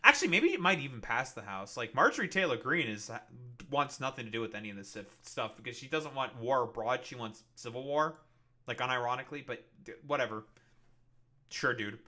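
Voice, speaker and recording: Bright-voiced sarcastic male streamer. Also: mid-range voice, animated. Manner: profane, rambling and sarcastic; halting, with many fillers and restarts. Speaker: streamer reacting to a video. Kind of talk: casual livestream commentary.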